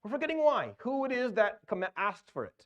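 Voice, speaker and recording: A man's voice: extremely high pitch, big pitch swings, fairly quick, fairly bright tone, dull audio. A man giving an earnest religious lecture, repeating words as he builds his points and dropping in Arabic terms. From Canada. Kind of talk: recorded lecture.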